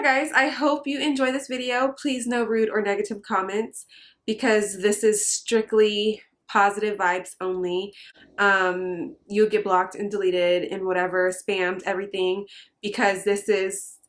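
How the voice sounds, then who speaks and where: A woman's voice: medium pitch, steady tone, slow pace. Earnest young woman vlogger. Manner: earnest, hesitant with many fillers. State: emotional, near tears. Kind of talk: personal testimony vlog.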